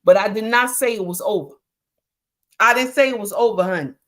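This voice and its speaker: A woman's voice: medium pitch, fairly quick. A middle-aged woman hosting a livestream, giving preachy relationship advice with emphatic repetition, often calling listeners honey and mama. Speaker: livestream host.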